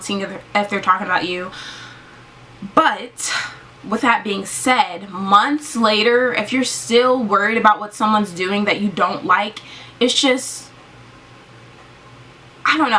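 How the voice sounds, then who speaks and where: A woman's voice: mid-range voice, sharp tone, slight background noise. A young woman vlogger ranting casually to camera, filling her talk with "like". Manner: ranting, heavy use of "like". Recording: slightly distant mic.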